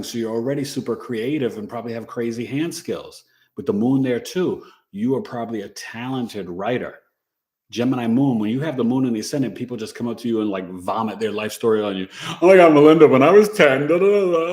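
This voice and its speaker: A man's voice: on the low side, darkish tone. A middle-aged man hosting a casual astrology livestream, chatty and playful, reading viewers' charts and dropping in Spanish words.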